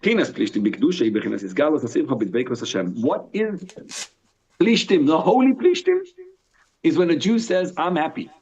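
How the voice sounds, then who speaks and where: A man, a rabbi, teaching a live Torah class in an animated way, asking and answering his own questions and reading Hebrew text aloud. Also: fairly high pitch, normal speed, husky. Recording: dull lo-fi sound.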